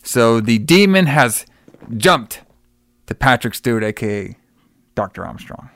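A man's voice: mid-range voice, big pitch swings, a little slow, fairly bright tone, dry recording, studio quality. A man casually retelling a film plot, swearing freely and acting out the characters' lines. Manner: profane, rambling, acts out quoted lines. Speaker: podcast co-host recapping a film. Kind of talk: casual chat.

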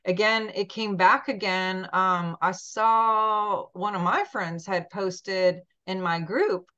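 A woman's voice: mid-range voice, slow pace, bright, forceful tone. A woman hosting a podcast in casual chat, gushing and chatty with many ums, talking over a video call. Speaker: podcast host. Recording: dull lo-fi sound.

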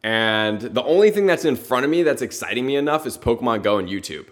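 A man's voice: mid-range voice, expressive, quick pace. Earnest motivational podcast host, man. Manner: earnest, lots of rhetorical questions and "like" fillers.

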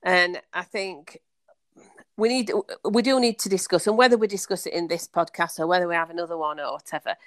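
A woman's voice: fairly low pitch, steady tone, a little fast, a bit bright, dry recording, clean studio sound. A woman co-hosting a podcast, talking in a thoughtful, questioning way with many restarts. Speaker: podcast co-host. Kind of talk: casual chat.

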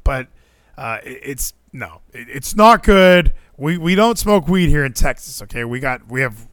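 Animated rambling male podcast host. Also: medium pitch, measured pace, dry recording. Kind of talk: casual podcast chat.

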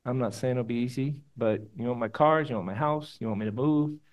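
A male pastor delivering a sermon, moving between loud exhortation and quiet, hushed prayer. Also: medium pitch, a little fast. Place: church room with congregation.

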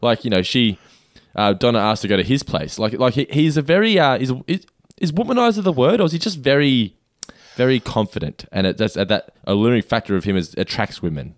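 A man's voice: mid-range voice, animated, fairly quick, no room sound, clean studio sound. A man co-hosting a podcast, casually recapping a sitcom episode with frequent fillers. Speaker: podcast co-host.

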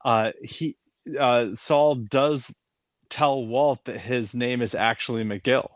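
A man's voice: medium pitch, steady tone, no echo. Chatty eager guy talking tv, mid voice, dry sound. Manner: eager, chatty, quick to agree. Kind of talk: casual TV recap chat.

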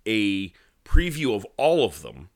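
A man's voice: on the low side, slow pace, no room sound, clean studio sound. A man chatting casually as a podcast co-host, telling stories with energy and acting out movie lines. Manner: animated storytelling, swearing, acts out movie lines. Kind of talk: casual wrestling chat.

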